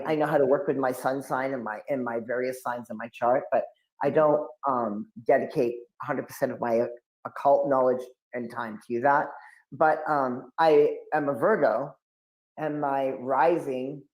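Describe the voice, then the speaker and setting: With a medium pitch and a slightly slow delivery, this man in his fifties from New England spins lengthy stories as an occult expert guest. He's an animated storyteller who performs the quotes, and the recording has a roomy echo.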